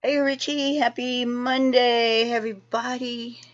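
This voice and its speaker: A woman's voice: on the high side, flat delivery, a little slow, lo-fi sound. Friendly woman greeting an online crowd. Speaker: open mic performer. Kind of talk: casual chat.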